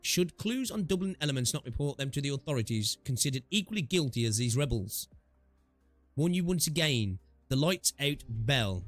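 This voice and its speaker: A man's voice: medium pitch, lightly acted. A man voicing a curt male radio news announcer, reading official notices in a clipped way.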